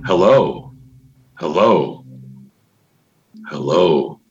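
A man's voice: sits low, expressive, extremely slow, lo-fi sound, loud music behind the voice. A man hosting a podcast in a casual, joking way, chatting loosely and fiddling with his mic on air. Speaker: podcast host.

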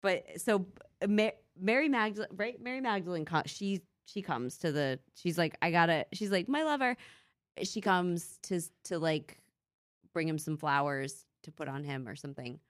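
A woman with a fairly low voice, trading jokes in casual chat. She cuts in with wisecracks and silly character voices. The sound is dry and close. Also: moderate pace, no room sound.

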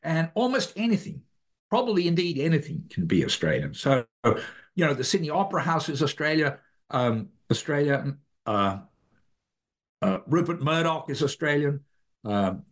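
Man, author guest, lively pitch, halting explanations, self-correcting. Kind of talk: academic interview answer.

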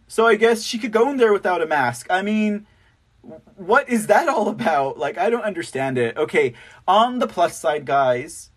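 Mocking high-voiced male commentator. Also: very animated, normal speed, husky. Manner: scornful, mocking, repeats words. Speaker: host of political commentary show. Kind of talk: opinionated commentary.

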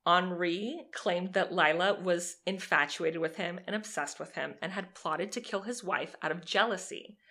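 A young woman co-hosting a podcast, telling a true crime story in a lively, sarcastic way and swearing freely. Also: mid-range voice. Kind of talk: casual storytelling chat.

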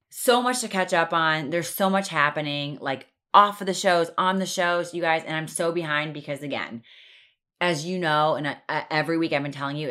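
Low-voiced chatty woman podcast host. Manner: chatty, animated storytelling with acted-out quotes; swears casually, sarcastic. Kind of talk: casual chat.

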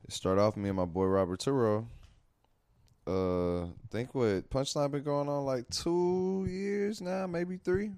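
Brief: male comic and open mic host, mid-pitched, relaxed rambler, dry close sound. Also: measured pace, smooth, no echo. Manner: laid-back, rambling, laughs a lot. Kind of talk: casual chat.

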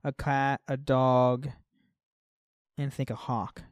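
A man's voice: medium pitch, flat delivery, slow pace, clean tone, no room sound, studio quality. A man co-hosting a podcast, chatting casually about a game and often trailing off with "like". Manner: chatty, fillers like "like", trails off softly. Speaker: podcast co-host.

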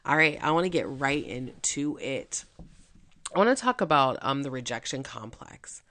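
A woman host and mentor giving a chatty, energetic motivational talk, with quick bursts of speech. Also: very deep voice.

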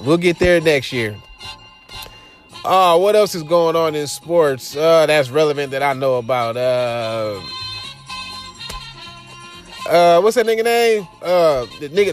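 Hosting his podcast, a young man with a high-leaning voice and an African American Vernacular English accent keeps things casual and profane, breaking into laughing asides.

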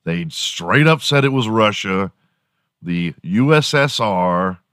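A man hosting a morning show, rambling through a profane, animated solo monologue. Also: lowish voice, slow pace, dry recording, clean studio sound. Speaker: podcast host.

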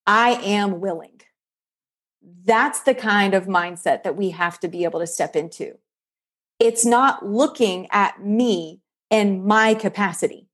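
A woman guest on a faith-based leadership podcast, talking in emphatic, preacher-like bursts. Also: mid-range voice.

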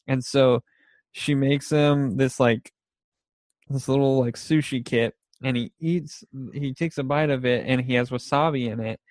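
A man's voice: mid-range voice, fairly even intonation, measured pace, a little mellow, dry recording. A young man chatting casually about favorite TV shows, rambling and laughing often as he acts out scenes.

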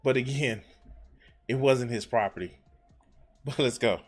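A man with a mid-pitched, ordinary voice talks bluntly over a clip he is reacting to. He swears freely and stops and restarts as he works out his point, in a loose streamer style. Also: unhurried. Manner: blunt and profane. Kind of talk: casual reaction commentary.

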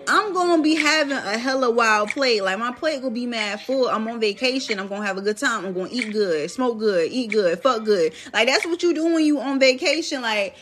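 A woman's voice: a little high, brisk, hardly any pauses, music in the background. A young woman hosting a podcast, ranting bluntly in casual slang-filled chat. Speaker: podcast host.

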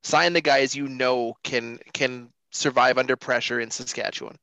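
A man with a bright, forceful voice co-hosts a casual football chat, earnest and emphatic. The recording is close and dry. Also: mid-range voice, steady tone, moderate pace, no room sound, rough recording. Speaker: sports podcast co-host. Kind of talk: casual sports talk.

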